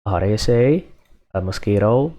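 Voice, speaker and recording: A man teaching a language lesson, repeating each phrase several times in a patient, measured way. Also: lowish voice, lively intonation, dark tone, lo-fi sound. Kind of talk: slow, repetitive lesson drills.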